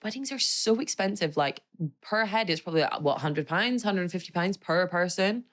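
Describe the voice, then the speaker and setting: A young woman talks to her podcast listeners in a loose, rambling chat full of tangents and little laughs. Her voice sits a touch lower than most women's, and her delivery stays bubbly and unfiltered. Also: lively intonation, normal speed. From Scotland. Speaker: podcast host. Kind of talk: casual solo podcast chat.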